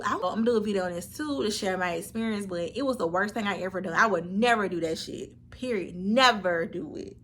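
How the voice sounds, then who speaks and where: A woman's voice: medium pitch, sharp tone. A woman, telling a candid storytime vlog and talking straight to her viewers with earnest, preachy advice. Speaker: vlogger.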